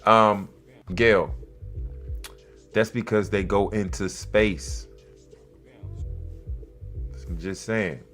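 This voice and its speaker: A man's voice: very slow, long pauses, soft background music. A man hosting a podcast, reading a news article aloud and mocking it with profane, sarcastic asides. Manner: jumps between flat reading and loud, high outbursts. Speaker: podcast host. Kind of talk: casual news commentary.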